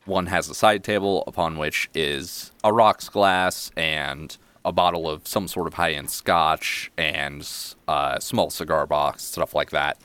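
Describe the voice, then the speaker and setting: A man narrating a tabletop game as game master, relaxed and descriptive. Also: extremely low pitch, measured pace, few pauses, clean tone, no echo.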